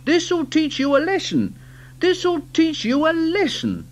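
A man voicing an eager, cheeky small male tank engine in a storybook reading, excitable and high-pitched. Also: measured pace, a little hiss or hum. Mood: scolding.

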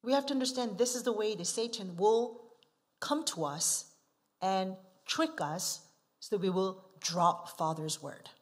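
A woman missionary delivers a sermon at an unhurried, deliberate pace, with a voice in the middle pitch range. She keeps putting rhetorical questions to the congregation. She drops to soft asides, then lands hard on key words. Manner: asks the listeners frequent rhetorical questions; emphatic, swinging from soft asides to forceful stresses. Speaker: missionary preacher.

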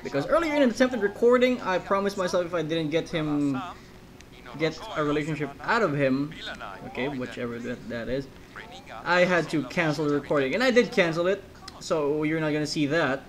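A man's voice: a little high, brisk, a crowd in the background, rough recording. A man giving casual let's-play commentary, rambling between jokey asides.

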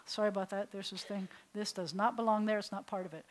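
A middle-aged woman rabbi teaching a beginners' Hebrew class, patient and playful, slowly sounding out syllables for students. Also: mid-range voice, fairly even intonation, low-quality recording. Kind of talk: classroom language lesson.

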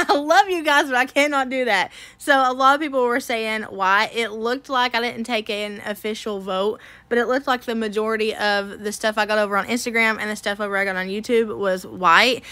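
Bright, chatty woman vlogger. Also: on the high side, fairly even intonation, a little fast, few pauses, dry recording. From Tennessee. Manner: chatty, self-deprecating, laughs often. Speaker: home makeover vlog host. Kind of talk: casual chat to camera.

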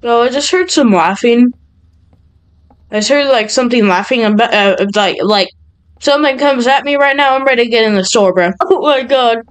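A young woman with a high, smooth voice narrates her horror game run in a jittery, nervous way. She talks straight to her viewers as she plays, sounding easily spooked. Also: normal speed, poor audio. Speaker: gaming channel host. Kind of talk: horror game let's play commentary.

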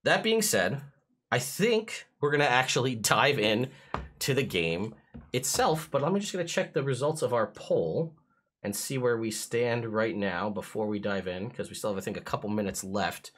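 Speaking at a normal speed in a mid-range voice, a man serves as game master for a streamed tabletop game. He chuckles excitably as he walks through the rules.

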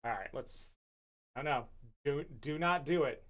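A male streamer chatting casually and warmly gushing about his pet during a live game stream. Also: on the high side, unhurried. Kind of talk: casual livestream chat.

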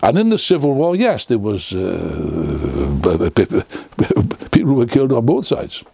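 A man's voice: lowish voice, huge pitch swings, slow, creaky, mellow, husky, no echo. An older man giving an impassioned, unscripted lecture to camera, full of sarcastic asides and restarts, close on the mic. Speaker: political speaker.

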